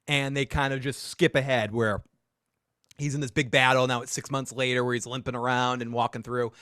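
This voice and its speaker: A man's voice: medium pitch, flat delivery, fairly quick, sharp tone, smooth, dry recording. Brief: sarcastic male podcast host, casual recap talk, dead-dry sound. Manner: joking, sarcastic asides.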